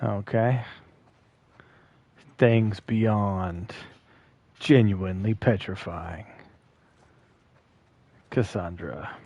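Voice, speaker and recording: Man, game streamer, casual live commentary, mid-range voice with some fry. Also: mid-range voice, measured pace, a little mellow, dull audio. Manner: chatty, talks to viewers while playing.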